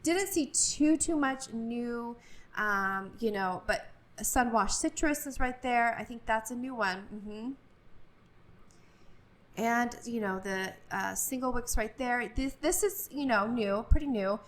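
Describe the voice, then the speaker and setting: Brief: upbeat woman vlogger, a touch high-pitched, chatty and gushing with fillers, phone-filmed store walkthrough. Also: slow pace. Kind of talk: casual store walkthrough vlog. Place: large retail store, indoors.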